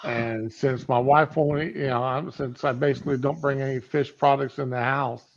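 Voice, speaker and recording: Casual streamer guy, gravelly voice, rambling delivery, lo-fi audio. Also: mid-range voice, fairly even intonation, moderate pace, a little hiss or hum. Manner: rambling, with fillers. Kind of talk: casual chat.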